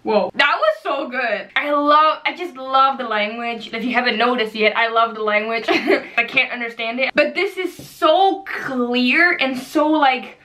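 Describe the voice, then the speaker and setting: A young woman from the Netherlands, chatting casually and excitedly in a reaction video, often giggling. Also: sits high, unhurried, few pauses. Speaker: YouTuber.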